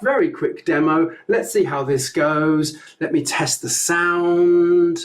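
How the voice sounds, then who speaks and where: A man's voice: fairly high pitch, slow pace. A man teaching a harmony song in a live online singing lesson, explaining it step by step in a friendly way.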